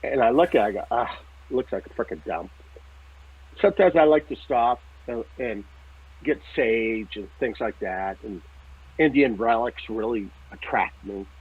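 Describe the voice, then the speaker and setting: A man, telling a story as a psychic medium in lively casual talk, swearing now and then and checking in with "right?". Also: mid-range voice, normal speed, slightly rough. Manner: animated, swears casually, laughs often, repeats "right?" and "okay?". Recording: tinny phone-like line.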